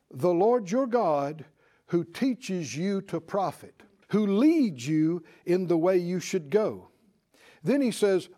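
A man with a high voice preaches a sermon, emphatic and animated. He stretches out key phrases and rises to exclamations.

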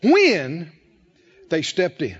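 A man preaching a sermon, drawing the congregation in with questions and emphatic, drawn-out phrases. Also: on the high side, wildly swooping pitch, slightly rough, highs cut off. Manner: call-and-response preaching, rising and falling emphasis, drawn-out phrases.

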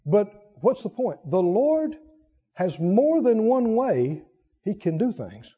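A man preaching a sermon, swinging between high emphatic bursts and low quiet asides and acting out quoted prayers in a raised voice. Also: very animated, takes it slowly, husky. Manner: acts out quoted prayers and God's words in raised voice. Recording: dull lo-fi sound with long hall reverb.

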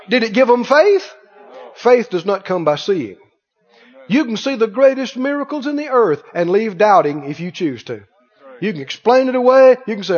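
A pastor with a high-sitting, expressive voice preaches a sermon at normal speed, acting out the voices in scripture and firing rhetorical questions at the congregation. The sound is dull, with long hall reverb.

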